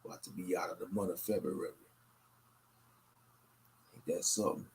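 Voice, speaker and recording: Deep gravelly man, tired late-night ramble. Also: moderate pace, slight background noise. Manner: low-key and monotone, rambling. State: tired, worn out. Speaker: livestream host.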